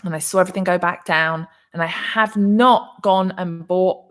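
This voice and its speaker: A woman's voice: lowish voice, fairly even intonation, moderate pace. A woman from England hosting a casual crypto livestream, chatting as she reads out viewer comments, rambling with many restarts and fillers. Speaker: crypto channel host. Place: her condo in Arizona.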